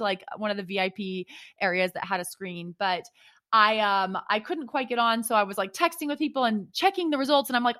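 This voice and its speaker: A woman in her thirties, co-hosting a podcast and telling a rambling, animated story with many fillers. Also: fairly high pitch. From United States. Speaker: podcast co-host and triathlete. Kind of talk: casual chat.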